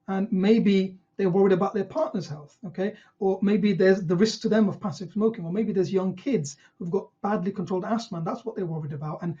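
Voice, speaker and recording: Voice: mid-range voice, fairly quick, hardly any pauses, warm tone, dull audio. A GP trainer teaching an online session, who asks rhetorical questions and acts out what patients might say.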